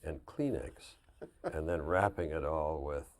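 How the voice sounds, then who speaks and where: An older man telling lively anecdotes as a guest on a 1999 television interview, often laughing at his own stories. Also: extremely low pitch, unhurried. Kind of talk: casual storytelling.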